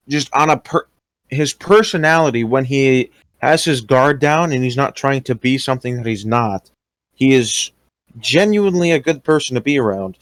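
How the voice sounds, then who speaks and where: On a casual voice call, a young man recounts his experiences as an interviewee, his speech hesitant and full of fillers and restarted sentences. His pitch is an ordinary middle range. The recording is close and dry, without any room echo.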